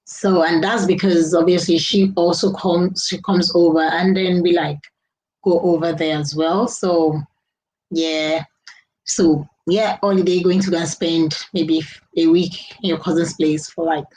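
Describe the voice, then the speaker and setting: A woman's voice: on the low side, fairly even intonation, measured pace, darkish tone, slight background noise, low-quality recording. Chatty woman, laughing often. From Nigeria. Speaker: live-stream host reading viewer comments. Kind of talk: casual live-stream chat.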